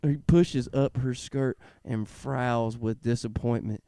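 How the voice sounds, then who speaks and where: A man co-hosting a podcast, reading a story aloud haltingly and breaking into laughter. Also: medium pitch, steady tone, mellow, clear, resonant tone, no echo, clean studio sound. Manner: reads haltingly, laughing often. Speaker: podcast co-host. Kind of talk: casual chat, reading aloud.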